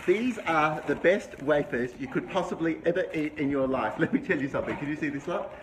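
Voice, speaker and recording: A middle-aged man runs a live-streamed vlog from an indoor room with a window view, enthusiastically greeting viewers by name. His fairly high voice is animated and a little fast, and the livestream audio is noisy.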